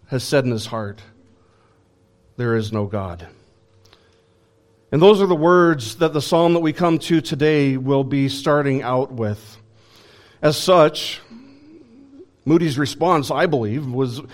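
A man's voice: mid-range voice, a little slow, long pauses. A man preaching a sermon in a conversational way, with frequent fillers and restarts. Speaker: pastor.

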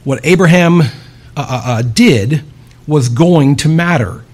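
A man preaching a sermon, emphatic, with long dramatic pauses and sudden hushed drops. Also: fairly high pitch, breathy edge.

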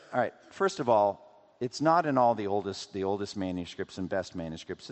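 A man preaching a sermon as pastor, asking rhetorical questions and acting out quotes in an animated way. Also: low-pitched. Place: church sanctuary. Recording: long hall reverb.

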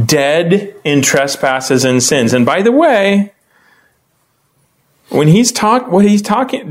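A man runs a casual Bible study with easy conversational talk, calling on members of the group by name to read. His voice keeps lifting higher as he warms to an explanation. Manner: lively, often rising in pitch when explaining. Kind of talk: casual classroom teaching.

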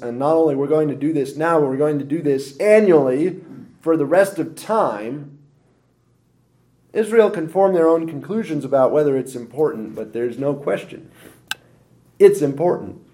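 A man preaching a sermon, explaining scripture with emphatic swings of pitch and loudness. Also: moderate pace.

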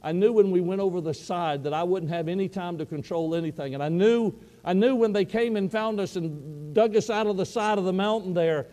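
A man's voice: high voice, brisk, few pauses, warm tone, voice pushed up, lightly acted. A man voicing a frightened, ashamed teenage boy football player whose voice quivers as he confesses. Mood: desperate confession.

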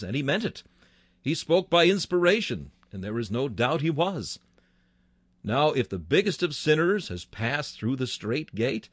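A man's voice: mid-range voice, no room sound. Fervent male preacher, dry close sound. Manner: fervent, dramatic rises on key words. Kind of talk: sermon.

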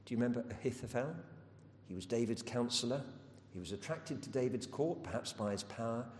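Preacher in an echoey hall. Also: male voice, animated, brisk, a little mellow. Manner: earnest storytelling with rhetorical questions. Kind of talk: sermon. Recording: echoey hall with faint rumble.

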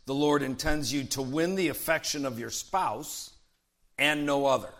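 A pastor preaches emphatically, quoting scripture, slowing down to stress key phrases, and calling out "Amen?" to the congregation. His voice is medium in pitch with a fairly bright tone.

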